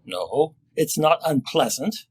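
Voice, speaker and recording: A man's voice: a little high, expressive, slow, breathy edge, voice pushed up, exaggerated voice. A man voicing an agitated elderly male patient with a strong German accent, roaring in frustration.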